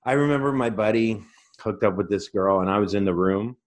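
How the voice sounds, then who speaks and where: A man's voice: fairly low pitch, fairly quick. A man hosting a casual comedic podcast chat, joking, laughing often and acting out quoted voices. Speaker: podcast host.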